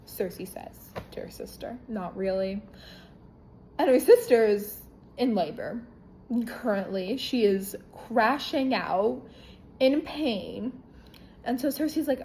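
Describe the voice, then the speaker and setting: A woman's voice: on the high side, slow, a little hiss or hum, poor audio. Irreverent woman casually reviewing a book. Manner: irreverent, profane, animated retelling.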